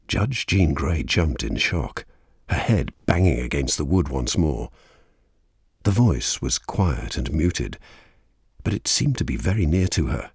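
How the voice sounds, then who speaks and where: A man narrating a story in a measured, expressive reading. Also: a bass voice, vocal fry, slightly rough, no room sound, studio quality.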